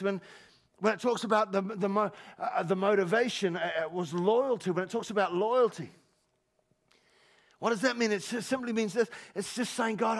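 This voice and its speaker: A high-pitched man preaches with a gravelly edge in his voice, building from quiet reflection into passionate shouting. He repeats words as he gathers his thoughts and laughs along with the congregation, speaking at a church service. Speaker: pastor. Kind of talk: sermon.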